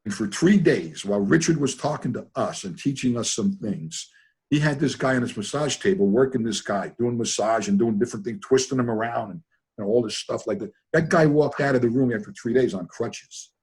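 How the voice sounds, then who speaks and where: An older man telling rambling stories in a casual, animated way over a video call. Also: mid-range voice, fairly quick, breathy edge. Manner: animated, rambling, repeats himself. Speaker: guest trainer. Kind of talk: casual storytelling.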